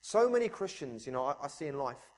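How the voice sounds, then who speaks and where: A man preaching a sermon, fervent, swinging between soft, low passages and loud, high ones, and asking the congregation questions directly. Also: big pitch swings, quick pace.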